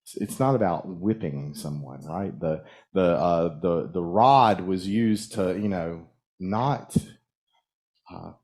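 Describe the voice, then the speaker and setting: Low-voiced man giving a casual sermon. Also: darkish tone. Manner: conversational, halting with restarts, asks the audience questions. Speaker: minister. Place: church sanctuary.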